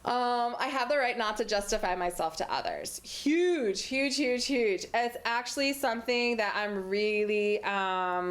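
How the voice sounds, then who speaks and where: A young woman hosting a community TV talk show, talking on her own in a playful, chatty way with many fillers. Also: mid-range voice. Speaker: host. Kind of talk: solo talk-show monologue. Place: community TV studio.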